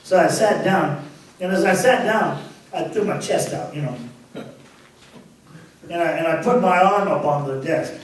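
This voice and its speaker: A pastor shares his personal testimony in a high-sitting male voice, speaking a little slowly with long pauses and laughing between phrases. The recording is very echoey, with the microphone placed at a distance.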